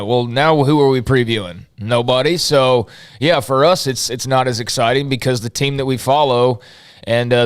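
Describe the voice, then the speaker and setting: A man's voice: medium pitch, clean tone. A man co-hosting a sports radio show, easygoing and explaining with everyday comparisons. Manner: easygoing, laughs, uses analogies. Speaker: radio co-host. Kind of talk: casual sports radio chat.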